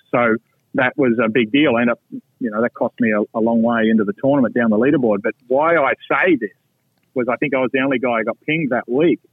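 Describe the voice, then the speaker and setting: A middle-aged Australian man, a podcast guest telling golf stories in a lively, blunt way with salty asides. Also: mid-range voice, slightly rough, dry recording. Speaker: podcast guest, pro golfer. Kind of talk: casual storytelling. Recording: tinny phone-like line, dry.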